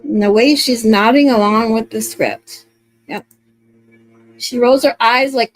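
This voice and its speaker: A woman with a high, bright-pitched voice gives casual true-crime commentary. She is blunt, swears freely and breaks in over paused clips. The sound is dry and close. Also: animated, no room sound.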